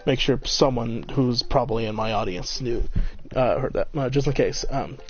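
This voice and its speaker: A man's voice: medium pitch, normal speed, slightly rough. A man streaming, reading a dating game aloud with casual, joking asides. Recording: slightly muffled, faint game music.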